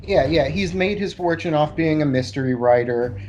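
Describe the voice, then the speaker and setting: A man's voice: a little high, moderate pace, a little mellow, highs cut off, a little hiss or hum. A man co-hosting a casual movie podcast, talking loosely and laid-back as he recalls scenes. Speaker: podcast co-host. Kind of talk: casual movie chat over beers.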